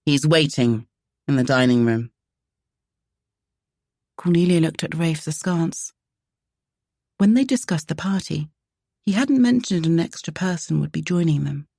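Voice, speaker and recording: A woman narrating a romance audiobook in a measured, even way. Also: fairly low pitch, gravelly, breathy edge, dry recording, studio quality.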